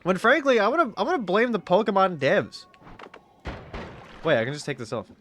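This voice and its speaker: A man's voice: high-pitched, wildly swooping pitch, a little fast, a bit bright, a little hiss or hum. A man streaming a game, chatting casually, joking and swearing, with sudden yelps. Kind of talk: casual gaming stream commentary.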